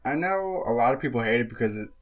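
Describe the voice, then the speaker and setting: A man's voice: mid-range voice, lively intonation, racing, soft background music. A man co-hosting a movie podcast, sharing his opinions in an easygoing, casual way. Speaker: podcast co-host. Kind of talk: casual movie review chat.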